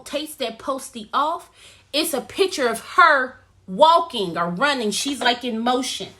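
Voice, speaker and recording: Female vlogger, pitched a bit high, bright and chatty, animated as she recaps a film. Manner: animated, chatty storytelling that addresses viewers. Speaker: movie reviewer. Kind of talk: casual plot recap vlog.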